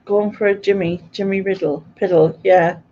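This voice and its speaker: British woman, quiz stream host, chatty, laughs a lot, middle pitch, dull lo-fi audio. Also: fairly even intonation, moderate pace, warm tone. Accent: British English. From Britain. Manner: chatty, laughs often, answers viewers' comments. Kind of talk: casual live-stream chat.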